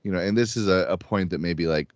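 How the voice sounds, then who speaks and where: A man's voice: sits low, quick pace, dry recording. A man in a casual discussion, talking hesitantly with many fillers and restarts. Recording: dull lo-fi dry sound.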